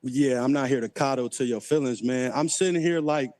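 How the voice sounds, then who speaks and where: A man's voice: mid-range voice, fairly quick, a little mellow, no echo. An older man calling in to a show, talking aggressively and swearing. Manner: aggressive, profane. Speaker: caller. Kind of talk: angry call-in rant.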